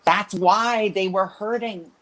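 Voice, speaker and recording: A woman's voice: mid-range voice, takes it slowly, low-quality recording. A woman who works as a spiritual intuitive coach, telling stories in a casual interview and acting out the voices of the people she quotes. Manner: animated, acts out quoted voices.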